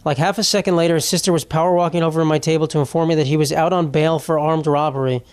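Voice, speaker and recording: A man's voice: a little high, fairly even intonation, fast talker, darkish tone, clean tone, no echo. A young man hosting a casual solo podcast, rambling and profane, laughing as he reads posts aloud. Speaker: podcast host.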